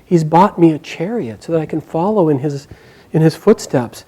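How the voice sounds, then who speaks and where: A man's voice: fairly high pitch, expressive, normal speed, mellow, breathy edge. A man telling a story voices an earnest, noble young man who longs to become a warrior, speaking in a pleading, sincere way. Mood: troubled.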